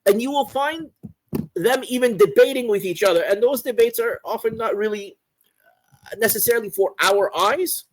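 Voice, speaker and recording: A man teaching a religious course, explaining a text in an unhurried lecture and often repeating phrases and asking "right?". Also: high voice, a little hiss or hum, low-quality recording. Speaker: Islamic scholar teaching a course.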